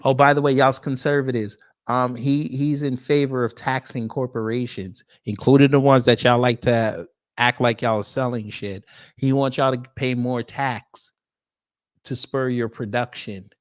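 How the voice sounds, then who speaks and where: A man's voice: medium pitch, steady tone, moderate pace. A man hosting casual commentary, blunt and mocking, slangy and swearing, talking straight to the audience. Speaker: host.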